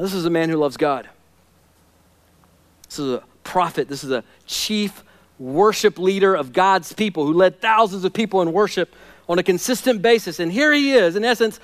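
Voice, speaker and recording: A male pastor with a notably high voice delivers an impassioned sermon. He swings from quiet, hushed stretches to loud, pleading scripture readings. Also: normal speed.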